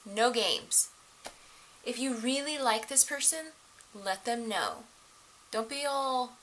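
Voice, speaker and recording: A middle-aged woman giving casual relationship advice to the camera, animated and laughing often as she acts out the voices of others. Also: fairly high pitch, slow pace, long pauses, poor audio.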